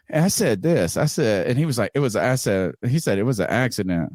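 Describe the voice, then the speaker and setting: A man telling a wild story on a podcast, swearing freely and jumping into loud voices for himself and his friend. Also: mid-range voice, fairly quick, hardly any pauses, no echo, studio quality. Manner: animated, swearing, acts out both sides in raised voice. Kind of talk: casual profane storytelling.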